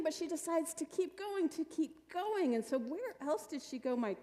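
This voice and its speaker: A woman telling a children's story to a congregation at a church service, animated and playful. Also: high voice, moderate pace. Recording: long reverb of a church hall.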